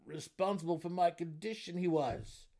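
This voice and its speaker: A man's voice: a little high, moderate pace, dark tone, voice pushed up, natural voice. A man voicing a male gnome burrow warden with a resonant voice who stammers as he speaks. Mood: pained.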